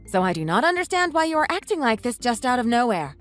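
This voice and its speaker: A text-to-speech woman's voice voicing a scornful, sharp-tongued young wife who scolds her husband in a text-message story. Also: on the high side, very animated, fast, faint music behind. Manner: mocking, scolding.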